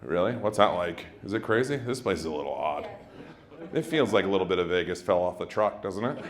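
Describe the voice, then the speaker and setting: A male stand-up comedian doing loud, teasing crowd work on a club stage. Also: low voice, expressive, a little fast. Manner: loud, brash, teasing the audience. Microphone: handheld stage mic. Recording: live club with crowd laughter. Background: audience laughter.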